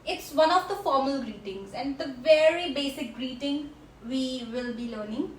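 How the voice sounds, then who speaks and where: A woman teaching a French class, slowly repeating each word for her learners. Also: high-pitched, expressive, darkish tone, a little hiss or hum. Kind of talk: classroom language lesson. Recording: echoey room.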